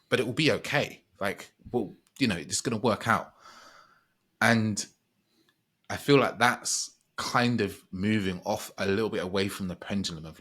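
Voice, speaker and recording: A man's voice: fairly low pitch, fairly bright tone. A man speaking as a podcast guest, thoughtful and meandering, often restarting his sentences as he reflects. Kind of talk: reflective conversational chat.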